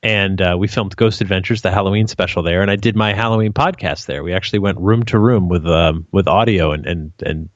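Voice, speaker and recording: A man in casual podcast chat, animated and jokey, with many restarts. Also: low-pitched, brisk, few pauses, no echo. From New England. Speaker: paranormal investigator and author. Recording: slightly dull dry sound.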